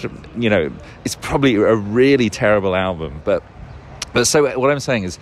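A man's voice: lowish voice, expressive, normal speed, slight background noise. A man talking casually and at length on his own, often losing a word, correcting himself and swearing. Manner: rambling, swears, loses words, self-corrects; chuckles often. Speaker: podcast host. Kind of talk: rambling casual monologue.

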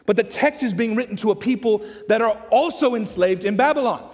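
Animated preacher with a high voice. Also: male voice, fairly quick. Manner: animated, acts out the questions and answers of the story. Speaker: pastor. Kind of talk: sermon. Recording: long hall reverb.

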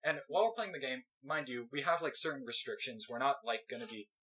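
A man's voice: mid-range voice, lively intonation, fast, sharp tone, poor audio. A young man hosting a podcast, telling a rambling story in casual chat, laughing and acting out the voices of people in it. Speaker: podcast host.

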